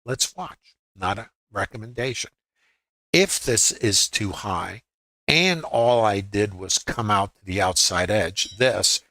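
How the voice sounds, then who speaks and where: A man's voice: fairly low pitch, sharp tone, no room sound, poor audio. A man in his sixties giving live trading commentary to his viewers. He talks in a conversational way, thinks aloud with rhetorical questions and often checks that viewers are following. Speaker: futures trading educator.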